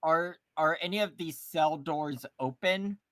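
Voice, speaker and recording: A man's voice: on the high side, unhurried. A man playing a tabletop game, asking hesitant, stammering questions about the rules. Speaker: player.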